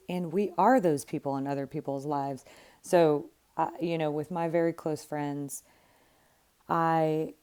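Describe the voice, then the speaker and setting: Low, mellow-voiced woman coaching candidly. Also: clean tone. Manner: candid, emphatic, occasional swearing. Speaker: life coach. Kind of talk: casual direct-to-camera talk.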